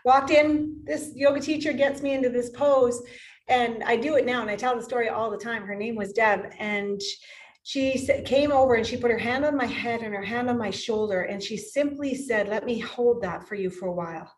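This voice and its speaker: A woman's voice: fairly high pitch, moderate pace, low-quality recording. A woman in her fifties who owns a yoga studio, telling personal stories in an interview with emotional, effusive energy and frequent laughter. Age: 50s. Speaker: yoga studio owner and teacher. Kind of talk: podcast interview.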